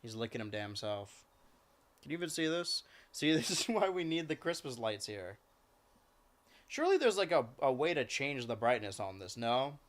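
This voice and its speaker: Guy streaming, casual rambly chat, keeps cooing at his cats, normal mid pitch. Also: very animated, moderate pace. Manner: chatty, coos and baby-talks to his cats. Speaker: live streamer.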